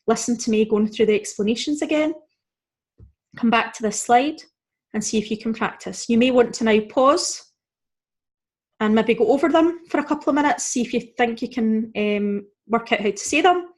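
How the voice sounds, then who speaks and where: A woman with a somewhat high voice teaches a recorded beginner language lesson. She explains each rule step by step, says the example words slowly and clearly, and keeps checking that the listener is following. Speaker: Spanish teacher.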